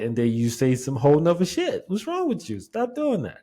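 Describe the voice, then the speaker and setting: A man's voice: a little high, wildly swooping pitch, normal speed, mellow. A man co-hosting a podcast, teasing his partner in casual banter, laughing a lot and swearing freely. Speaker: podcast co-host. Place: indoor recording set.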